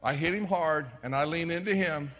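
A middle-aged male pastor preaching a sermon, telling stories and swinging from hushed tones to shouts. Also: on the high side, moderate pace, long reverb tail. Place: church sanctuary.

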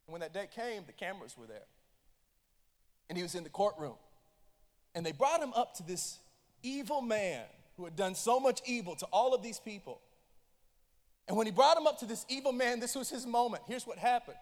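High-voiced impassioned preacher in a reverberant hall. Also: male voice, animated, fairly quick. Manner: impassioned, swinging from hushed to loud. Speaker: pastor. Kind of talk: sermon. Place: church auditorium.

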